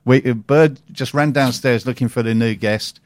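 A man's voice: mid-range voice, moderate pace, darkish tone. A man hosting a business radio show, chatting and teasing his co-host. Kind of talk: casual radio chat.

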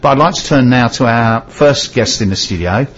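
A man's voice: medium pitch, moderate pace, fairly bright tone, highs cut off, a little hiss or hum. A middle-aged man with a Cockney accent hosting a radio show, chatty and self-mocking. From London. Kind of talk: casual radio chat.

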